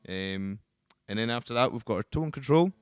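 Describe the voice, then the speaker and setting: A man who works as a guitar teacher, explaining the instrument in a relaxed, casual way with frequent ums and restarts. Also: medium pitch, moderate pace, clean tone, no echo.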